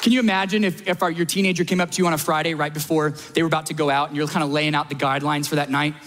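High-voiced man preaching in a reverberant hall. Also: steady tone, rapid-fire, a bit bright, some chatter behind, slight background noise. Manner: emphatic preaching with repetition and rising peaks. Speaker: pastor. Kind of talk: sermon. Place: church service.

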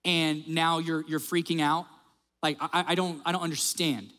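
A male pastor preaching a sermon, telling stories in a lively way and acting out the quotes. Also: on the high side, normal speed, in a large hall. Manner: animated storyteller, acts out quotes.

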